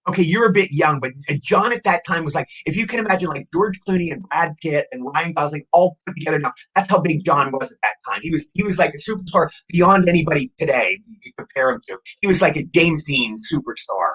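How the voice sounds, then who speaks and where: In his sixties, an actor appearing as a guest in a casual interview rattles off quick, excitable anecdotes, frequently repeating words. His voice sits on the high side and is slightly rough, and the recording is rough too.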